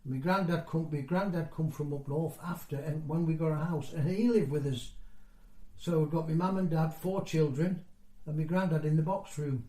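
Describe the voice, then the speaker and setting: A man's voice: on the high side, moderate pace, mellow. A man in his sixties from North East England, telling his memories in a rambling, conversational way during an oral history interview. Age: 60s. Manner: rambling, conversational storytelling with broken-off phrases. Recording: roomy echo.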